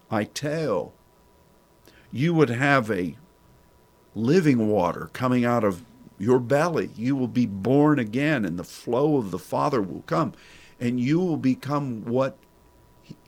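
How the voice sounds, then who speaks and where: A man preaching a sermon, pressing listeners with repeated rhetorical questions and restarting his words. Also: medium pitch.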